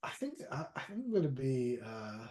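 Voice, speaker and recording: A man playing a tabletop game, thinking aloud in a rambling, hesitant way full of fillers. His voice is mellow and dark at an ordinary male pitch. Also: big pitch swings, moderate pace. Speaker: player. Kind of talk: casual chat at a tabletop game.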